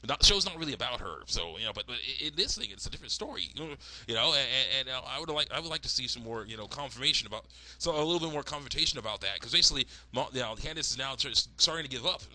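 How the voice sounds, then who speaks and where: Fast-talking man rambling about a cartoon. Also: mid-range voice, lively intonation, sharp tone, low-quality recording. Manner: rambling, with frequent laughs and fillers. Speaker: cartoon fan reviewer. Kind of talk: casual rambling commentary.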